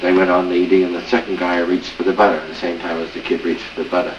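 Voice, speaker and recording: A middle-aged man tells a joke in a rambling way, stacking up filler words and repeated "he said". His voice is on the low side. The recording is distant, echoey and dull, with noise underneath. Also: little pitch movement, fast talker. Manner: rambling storyteller, many "he said" and "uh"s. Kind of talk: telling a joke. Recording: echoey lo-fi home video from far off.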